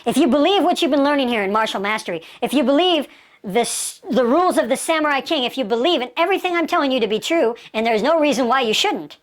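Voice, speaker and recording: A woman's voice: sits high, expressive, fast. A woman giving a motivational martial arts lecture, emphatic, asking rhetorical questions and repeating key phrases.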